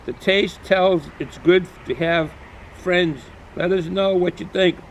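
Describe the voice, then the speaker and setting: Casual Boston-accented guy, a bit high-voiced, rambling outdoor beer review over clear traffic noise. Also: fairly even intonation, slow pace, poor audio. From New England, US. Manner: rambling, chatty, repeats himself with frequent fillers. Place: outdoors in cold weather.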